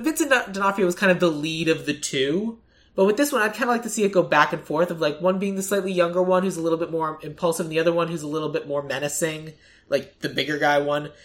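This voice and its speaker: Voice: mid-range voice, quick pace, fairly bright tone. A podcast co-host in casual chat, rambling with lots of fillers and acting out quoted lines.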